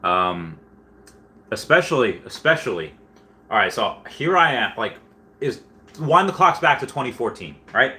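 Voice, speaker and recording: A man's voice: mid-range voice, very animated, measured pace, long pauses, pushed and bright. A young man casually chatting on a livestream, reading viewer comments and telling rambling, self-deprecating stories full of fillers. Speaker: livestream host.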